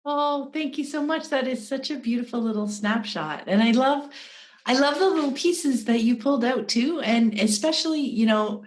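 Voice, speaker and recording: A woman hosting a podcast interview, responding warmly and affirming her guest. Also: sits high, moderate pace. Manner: warm, affirming. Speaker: podcast host.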